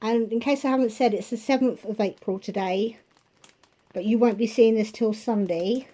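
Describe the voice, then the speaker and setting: A woman's voice: fairly high pitch, normal speed, warm tone. A woman vlogging a grocery haul from her kitchen at home, talking casually and rambling into chatty asides.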